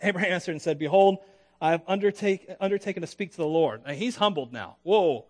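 A man preaching a sermon, conversational and lively, acting out the voices of the people in his text and joking with his listeners. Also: high voice, fast. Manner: animated, acts out biblical voices. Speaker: pastor.

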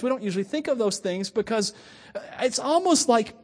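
Man, pastor, very high voice, relaxed sermon, chatty with little jokes. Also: moderate pace. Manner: conversational, joking asides.

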